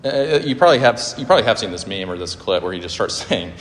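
A man's voice: fairly low pitch, animated, fast, few pauses. A man preaching a sermon in an earnest, conversational way, with fillers and restarts. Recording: hall reverb with faint ambience.

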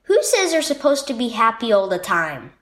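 A woman reading a children's story aloud, voicing a gentle aunt who reassures and explains things to her niece. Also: on the high side, sing-song, normal speed. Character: gentle, comforting adult aunt.

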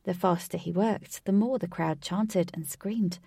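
A woman's voice: lowish voice, a little slow, vocal fry, warm tone, slightly rough, no echo, clean studio sound, far from the mic. A woman narrating a fantasy story aloud, reading evenly.

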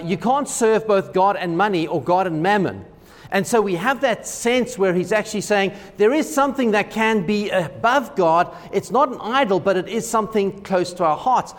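A man's voice: sits high, big-room sound. A pastor giving a conversational sermon, joking with and asking questions of his congregation in a church. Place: church sanctuary.

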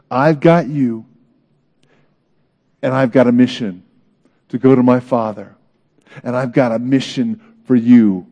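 A man preaching voices a gentle, reassuring male savior, speaking softly and tenderly. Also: medium pitch, creaky, highs cut off. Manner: soft, tender, intimate.

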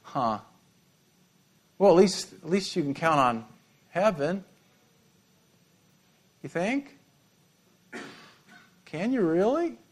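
A preacher voicing a sly male serpent who tempts with low, quiet, insinuating questions. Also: big pitch swings, takes it slowly, pauses often, heavily acted. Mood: mocking.

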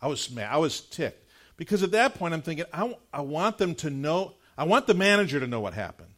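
A middle-aged man preaching from the pulpit, slipping easily into chatty, story-driven talk full of casual fillers. His pitch sits a touch high and leaps around a lot, rising sharply at the funny moments and settling lower for the earnest parts. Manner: animated conversational storytelling, frequent "like" fillers; earnest, measured prayer closing the sermon. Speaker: pastor. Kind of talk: sermon with personal anecdote.

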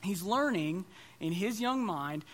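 A man's voice: sits high, lively intonation, slow, a bit bright. A man in his thirties preaching a sermon, telling stories in a conversational, self-deprecating way.

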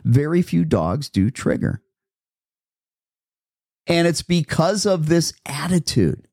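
A man's voice: a little high, big pitch swings, slow, gravelly, pauses often, darkish tone, no room sound, clean studio sound. A man hosting a dog-training podcast, talking emphatically and repeating phrases for effect. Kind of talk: podcast monologue.

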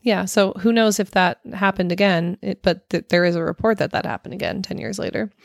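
A chatty woman in casual podcast talk, stringing her stories together with constant "like" fillers. Her voice sits at an ordinary middle pitch, recorded dry and close with no room sound. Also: steady tone, brisk, gravelly, dry recording. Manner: chatty storyteller, heavy filler "like". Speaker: podcast co-host. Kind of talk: casual chat.

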